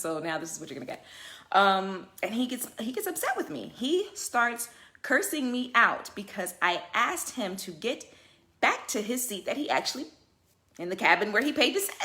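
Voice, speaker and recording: Her voice is fairly high and her speed normal as the flight attendant shares a story on a casual livestream. Animated and emphatic, she laughs frequently throughout.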